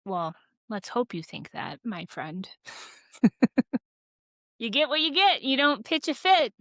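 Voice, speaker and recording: A woman's voice: on the high side, slow, no room sound. A woman co-hosting a podcast in casual chat, telling stories animatedly with lots of "like". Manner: animated, chatty storytelling full of "like". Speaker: podcast co-host.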